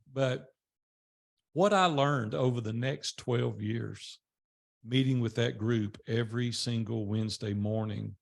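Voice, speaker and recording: An older man tells a personal story to a small group. His voice is gravelly and a bit husky, at a middling pitch. He talks in a loose, conversational way and acts out the voices of the people he quotes. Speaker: speaker telling his life story.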